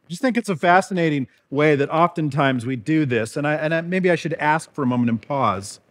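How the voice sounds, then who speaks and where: A man's voice: fairly high pitch, brisk. A man preaching a sermon in a church, earnest and conversational, asking the congregation rhetorical questions. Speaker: pastor.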